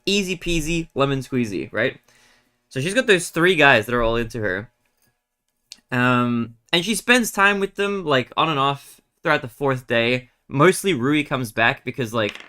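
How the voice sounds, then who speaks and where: Young adult male streamer, mid-pitched, bright tone, chatty and meandering. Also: smooth. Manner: rambling, animated retelling with many fillers. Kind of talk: casual chat while gaming.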